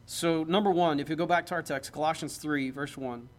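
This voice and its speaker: A man's voice: on the high side, fairly even intonation, fairly quick. A man, a pastor, preaching a sermon in a conversational, joking way that builds to emphatic points.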